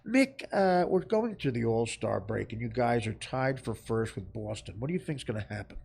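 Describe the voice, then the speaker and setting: A man doing an impression of an older baseball announcer asking measured interview questions. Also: mid-range voice, animated, vocal fry, darkish tone, breathy edge, pitched below the performer's own voice. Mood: polite. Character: old male baseball broadcast announcer.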